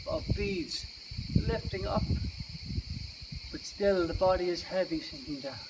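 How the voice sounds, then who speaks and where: A man teaching yoga and meditation to children, guiding them gently and playfully. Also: high-pitched, very animated, unhurried, creaky. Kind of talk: guided kids' yoga and meditation. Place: outdoors. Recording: distant mic, outdoor noise.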